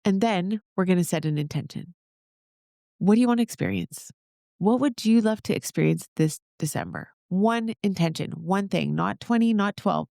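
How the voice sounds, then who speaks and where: Woman podcast host, solo talk, upbeat and encouraging, slight vocal fry, dry close sound. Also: on the low side, a little mellow, no room sound. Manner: upbeat, encouraging, talks straight to listeners.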